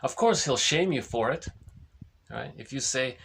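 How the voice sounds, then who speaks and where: A man's voice: mid-range voice, lively intonation, unhurried, gravelly, a bit bright, slightly rough. A man giving an informal spoken lesson, explaining ideas conversationally, often restarting sentences and ending points with "right?". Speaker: lecturer on psychology.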